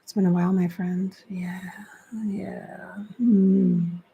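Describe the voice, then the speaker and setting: A middle-aged woman, a psychic medium, channeling spirits on a livestream, speaking softly and often slipping into hushed whispers close to her mic. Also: on the low side, level tone, slow, vocal fry, narrow, tinny audio, a little hiss or hum. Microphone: close desk mic.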